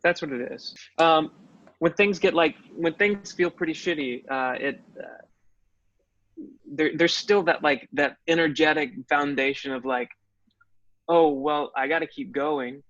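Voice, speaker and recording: A man's voice: a little high, measured pace, fairly bright tone. A man who is an actor, telling stories in a reflective way as a guest in a casual interview. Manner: reflective storytelling. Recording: dull, dry audio.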